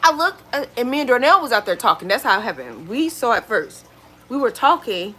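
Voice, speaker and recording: Lively woman telling home stories. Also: fairly high pitch, brisk, breathy edge. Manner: animated, exclaiming, dramatic retelling. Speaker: lifestyle vlogger. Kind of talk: casual storytelling chat.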